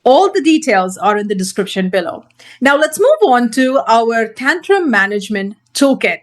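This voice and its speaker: A woman's voice: fairly high pitch, very animated, moderate pace. A woman parenting coach teaching straight to camera, earnest and emphatic, repeating her key points.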